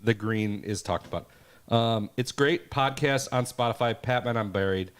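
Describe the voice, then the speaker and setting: A man co-hosting a podcast in casual chat, joking and breaking into animated rants. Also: medium pitch, moderate pace, clear, resonant tone. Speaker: podcast co-host.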